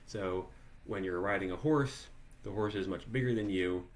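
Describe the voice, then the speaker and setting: Speaking at normal speed in a deep voice, a man leads musicians in a live workshop held online by video call. He keeps it conversational, with frequent restarts and plenty of questions directed at participants.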